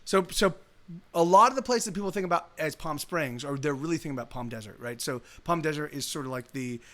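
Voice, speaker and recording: A man's voice: fairly high pitch, quick pace, sharp tone. A man hosting a live music stream, chatting casually and rambling with many restarts and laughs. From Southern California. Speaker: streamer host.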